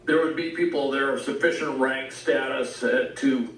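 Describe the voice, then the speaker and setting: A man explaining military command structure in a measured broadcast interview, full of military jargon. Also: mid-range voice, fairly bright tone. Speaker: military commentator. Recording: clip replayed, roomy and distant.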